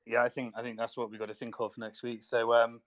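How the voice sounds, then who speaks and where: A man's voice: medium pitch, monotone, quick pace, no echo. A man hosting a live audio Q&A, thinking aloud and often restarting his sentences. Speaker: host.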